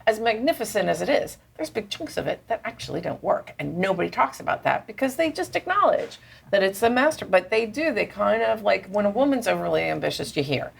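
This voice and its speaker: A woman playwright talking over lunch in a restaurant, telling stories in an animated, self-mocking way. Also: mid-range voice, fairly quick, vocal fry, slightly rough. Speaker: playwright guest. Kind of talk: casual lunch conversation.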